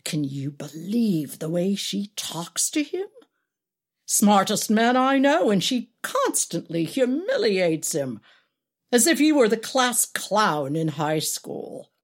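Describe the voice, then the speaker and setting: A woman's voice: medium pitch, big pitch swings, slow, voice pushed up, heavily acted. A woman voicing an older male stage actor, a sardonic veteran who gossips and mocks in a storybook reading. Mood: mocking. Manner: mocking, gossipy.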